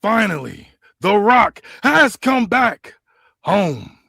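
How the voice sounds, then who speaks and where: A man's voice: sits high, big pitch swings, slow, vocal fry, sharp tone, slightly rough, no echo, studio quality, pitched above the performer's own voice, heavily acted. A man voicing an arrogant male wrestler cutting a boastful promo about himself in the third person.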